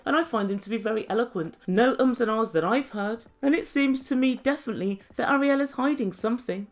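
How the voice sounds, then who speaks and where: A woman recapping reality TV episodes in a sarcastic, gossipy tone with dramatic pauses. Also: a little high. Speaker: reality TV reviewer.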